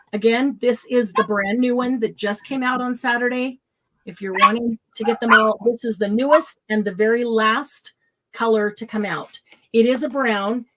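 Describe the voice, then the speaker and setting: A woman's voice: on the high side, rough recording. A middle-aged woman hosting a live craft supply sale, chatting casually, laughing often and listing product colors.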